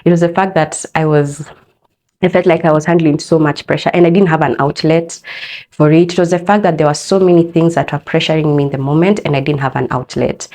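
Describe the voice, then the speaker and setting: A young woman with a Kenyan accent hosting a personal podcast, telling her own story in a candid, expressive way. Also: low-pitched, a little fast. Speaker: podcast host.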